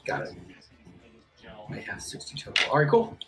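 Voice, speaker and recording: A man's voice: normal speed, rough recording. Easygoing male game master, casual, fillers, faint music bed. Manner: casual, relaxed, says "cool" and "um" a lot. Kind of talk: running a tabletop game online.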